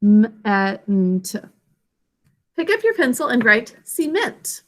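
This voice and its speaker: A young woman teacher leading an online spelling lesson over a video call, clear and encouraging. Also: a little high, animated, unhurried, pushed and bright, a little hiss or hum.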